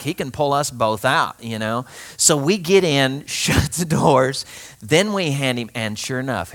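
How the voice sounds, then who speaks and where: A man preaching a sermon, telling a personal story in a lively, conversational way, often laughing and speaking straight to his listeners. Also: medium pitch. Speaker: pastor.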